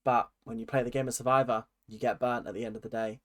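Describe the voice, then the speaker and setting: A young man with an excitable, gushing, chatty manner, giving casual reaction commentary as a video host. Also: medium pitch, fast.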